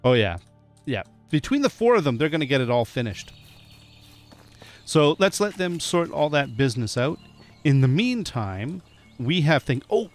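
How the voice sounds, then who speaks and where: A man giving casual, chatty gameplay commentary, often laughing and talking to the animals in the game. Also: a little high. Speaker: gameplay streamer. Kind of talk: casual let's-play commentary.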